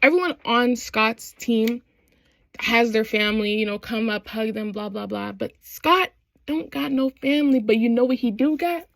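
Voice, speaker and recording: A young woman casually recapping a TV show, animated and slangy, acting out the characters' lines as she goes. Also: a little high, moderate pace, gravelly, no room sound. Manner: animated, slangy retelling with quoted voices. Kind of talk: casual chat.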